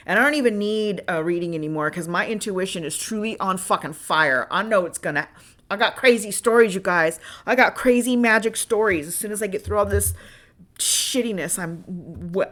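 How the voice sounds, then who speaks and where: A woman hosting a podcast, telling candid personal stories in an animated, profane way, moving from loud venting to low asides. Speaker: podcast host.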